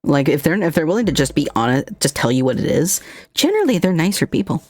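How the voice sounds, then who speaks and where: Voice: medium pitch, very animated, quick pace, darkish tone, no room sound. A streamer hosting a casual chat, curious and full of questions, swearing casually. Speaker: streamer host.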